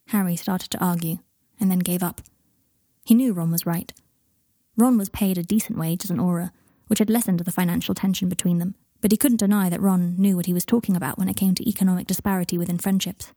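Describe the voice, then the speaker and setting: A woman narrates an audiobook in a steady, even manner. Her voice is husky and mellow, with a dry, close sound. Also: lowish voice, quick pace, dry recording.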